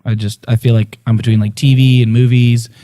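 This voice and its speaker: A man co-hosting a casual movie chat show, excitable and jokey. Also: medium pitch, a little fast. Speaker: podcast co-host.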